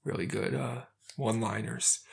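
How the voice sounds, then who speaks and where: A man's voice: lowish voice, steady tone, moderate pace, vocal fry. A man co-hosting a casual podcast chat, narrating a movie's plot scene by scene and chuckling. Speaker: podcast co-host.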